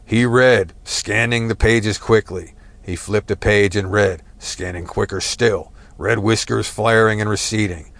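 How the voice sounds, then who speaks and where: Low-voiced man reading a dark story. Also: fairly even intonation, unhurried, creaky. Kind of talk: scripted story narration.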